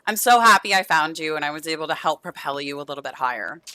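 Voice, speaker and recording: A woman's voice: low voice, expressive, fast talker, bright, forceful tone, clear, resonant tone, dry recording. A young woman streaming a life-sim game, chatting affectionately with viewers and her characters, losing her voice. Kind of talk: casual gameplay stream chat.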